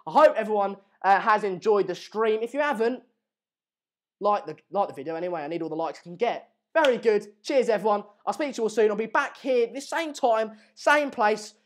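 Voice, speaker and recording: Brief: woman, live-stream football host, mid-pitched, excitable and rambling. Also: fairly quick. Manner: excitable, rambling banter with frequent asides. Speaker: host of a live transfer news show.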